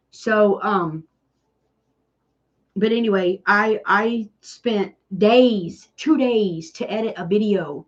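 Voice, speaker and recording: A woman's voice: medium pitch, lo-fi sound. A woman with a Southern US country accent chatting casually with viewers on a live stream, sarcastic and self-deprecating. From Tennessee. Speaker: DIY channel host doing a live stream.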